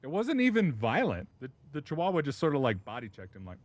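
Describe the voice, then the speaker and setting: A man's voice: mid-range voice, wildly swooping pitch, fast talker. A man streaming and telling a rambling dog story, laughing often and swearing freely. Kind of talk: casual chat.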